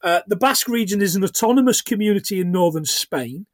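Lively high-voiced man chatting. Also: fast, no room sound, studio quality. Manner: animated, laughs often, recaps plot with jokey asides. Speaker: podcast co-host. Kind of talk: casual film podcast chat.

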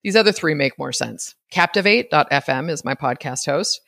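A woman hosting a solo podcast. She talks in a candid, chatty way, with quick laughs and asides, and sometimes spells words out letter by letter. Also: deep voice, animated, gravelly, a bit bright. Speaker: podcast host.

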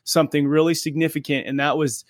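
A man's voice: fairly high pitch, little pitch movement, fast talker, no echo, clean studio sound. A man hosting a podcast interview, reacting with enthusiasm and asking follow-up questions. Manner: enthusiastic, encouraging. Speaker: podcast host. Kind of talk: casual interview.

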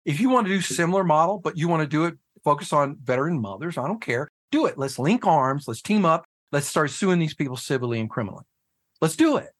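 Animated man telling his story, swearing freely. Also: a little high, fast talker. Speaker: guest, head of a fathers' nonprofit. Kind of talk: casual podcast conversation.

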